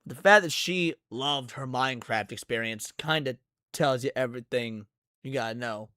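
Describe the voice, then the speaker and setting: A man's voice: mid-range voice, moderate pace, pushed and bright, clear, resonant tone, no room sound. A man streaming live, reacting to clips with brash, profane, emphatic casual commentary into a close mic.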